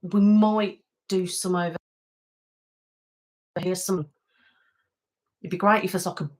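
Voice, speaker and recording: Speaking slowly in a fairly low, darkish voice with fairly even intonation, this West Midlands ASMR host chats on a live stream in a relaxed, self-mocking way, saying um often. She uses a webcam setup at home.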